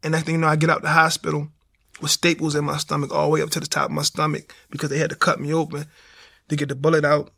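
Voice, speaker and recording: Speaking fast in a slightly high voice that's both gravelly and bright, a man from Baltimore shares his testimony. His storytelling is lively and street-style, with the characters' voices acted out.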